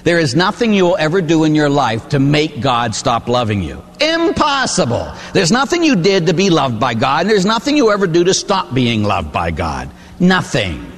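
A Catholic priest giving a sermon, telling stories with lively acted-out voices. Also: male voice, on the high side, normal speed, few pauses, long reverb tail. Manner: animated storytelling, acts out characters.

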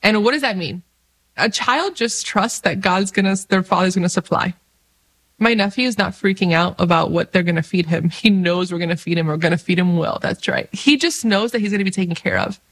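A woman giving an upbeat, casual faith talk to camera, laughing often and slowing down earnestly for prayers. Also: on the low side, low-quality recording. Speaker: Catholic faith vlogger.

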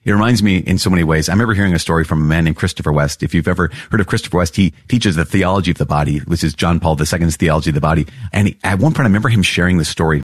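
A man hosting a podcast, reading and reflecting on catechism paragraphs with earnest, animated storytelling. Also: sits low, slightly rough, no room sound, studio quality. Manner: earnest, animated storytelling with laughs and repeated phrases. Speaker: priest podcast host.

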